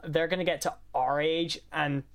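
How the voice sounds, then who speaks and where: A woman's voice: sits low, fairly even intonation, normal speed, vocal fry. Chatty young woman rambling casually. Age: young adult. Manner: chatty, rambling, lots of fillers. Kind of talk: casual chat.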